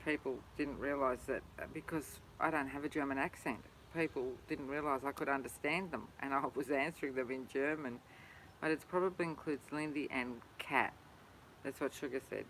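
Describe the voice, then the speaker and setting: A man's voice: mid-range voice, moderate pace, a bit bright, a little hiss or hum, poor audio. Easygoing man telling travel stories. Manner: easygoing storyteller, laughs along. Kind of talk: casual chat.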